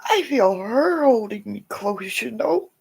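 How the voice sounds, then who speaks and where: Woman livestreamer, rambling chat, swooping up and down in pitch, soft whispered asides. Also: animated, slow pace, gravelly, slightly rough. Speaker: livestream host.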